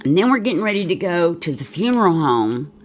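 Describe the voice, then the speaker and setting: A woman's voice: lowish voice, very animated, a little fast, a little hiss or hum. A woman with a Southern accent chatting casually while making a journal at home, thinking aloud and wandering off into asides. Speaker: crafter demonstrating a journal. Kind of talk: casual crafting chat.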